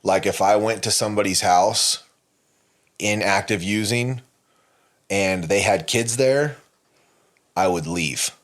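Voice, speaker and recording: A man's voice: fairly low pitch, takes it slowly, pauses often. A man co-hosting a podcast, telling a candid personal story in a rambling way, with many fillers and restarts and frequent swearing. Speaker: podcast co-host.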